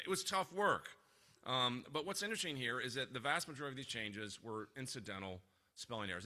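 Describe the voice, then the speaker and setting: A middle-aged man giving a lively teaching talk at a church retreat, acting out little quotes and restarting his sentences as he goes. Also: fairly low pitch. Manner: fast, animated, with frequent restarts and acted-out quotes.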